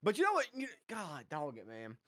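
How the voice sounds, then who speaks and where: A man guesting on a casual podcast, reminiscing in a lively way and mimicking his friends. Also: fairly high pitch, a little fast, dry recording, studio quality. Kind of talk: casual chat.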